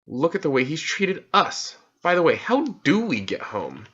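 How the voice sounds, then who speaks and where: A man's voice: on the high side, sing-song, measured pace, fairly bright tone, husky, pitched above the performer's own voice, full character voice. A man reading an audiobook, voicing an easygoing young boy in a slightly raised, boyish voice. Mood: matter-of-fact. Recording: dull lo-fi recording.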